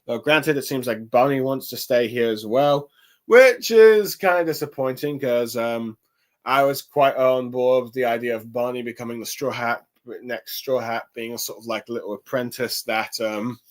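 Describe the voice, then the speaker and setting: A man's voice: medium pitch, little pitch movement. A man with an ordinary midrange voice talks through his thoughts on a comic chapter. He rambles casually, hunting for words with frequent ums and restarts. It sounds unscripted and conversational. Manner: rambling, halting, many fillers and restarts. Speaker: manga reviewer.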